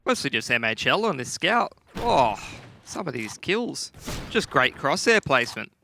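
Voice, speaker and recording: A man's voice: mid-range voice, big pitch swings, unhurried, vocal fry, pushed and bright, a little hiss or hum. A tired man doing color commentary on an esports match, playful and bantering, laughing often. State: tired, up before dawn.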